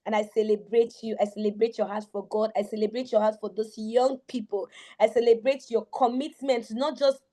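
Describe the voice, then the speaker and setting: A woman teens coach giving a warm, effusive spoken review of a book, repeating phrases for emphasis. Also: fairly high pitch, steady tone, a little fast.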